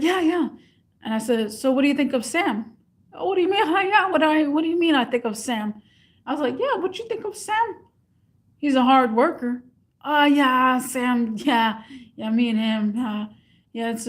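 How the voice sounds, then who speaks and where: A young woman vlogger telling a story casually to her camera, acting out both sides of a phone call. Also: a little high.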